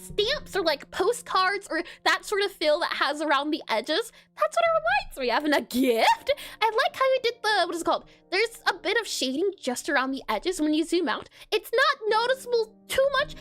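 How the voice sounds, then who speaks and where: A woman's voice: extremely high pitch, a bit bright. A young woman streaming as she reviews viewer art, bubbly and giggly, repeating her praise. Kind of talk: casual livestream commentary.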